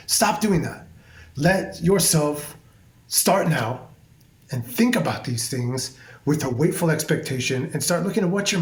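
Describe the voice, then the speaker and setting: Intense, swearing man in a roomy echo. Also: a little high. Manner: intense, emphatic, swears freely. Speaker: hairstylist guest. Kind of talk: podcast conversation.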